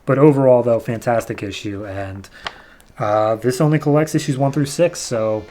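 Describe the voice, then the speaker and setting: On this podcast, a male host with a medium-pitched, dark-toned voice casually recaps comic book issues, with a slight hiss or hum in the audio. He rambles as he goes, briefly slipping into quick quoted voices when retelling scenes.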